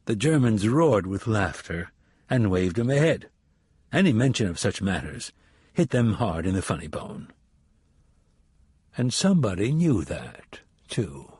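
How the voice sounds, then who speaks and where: A man reading a spy thriller audiobook in a measured, even storytelling delivery. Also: on the low side, slightly rough, dry recording, clean studio sound. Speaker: audiobook narrator. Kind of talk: scripted narration.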